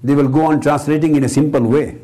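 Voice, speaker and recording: Husky-voiced man giving an earnest lecture. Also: a little high, fairly even intonation, fast talker, dark tone. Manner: explanatory, repeats words for emphasis. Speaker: Islamic scholar and speaker. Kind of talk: religious lecture. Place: Islamic center hall.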